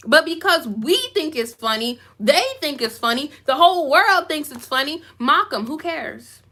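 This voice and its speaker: Woman vlogger, lively commentary, bright forceful tone, slightly high, emphatic repeats. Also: normal speed. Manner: self-described goofy. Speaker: YouTuber. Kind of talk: live commentary reading comments.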